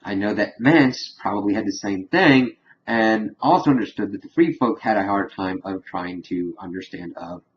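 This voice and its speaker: A man's voice: on the low side, normal speed, highs cut off. A man giving a casual spoken review, rambling through scene recaps with lots of filler words. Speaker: TV show reviewer.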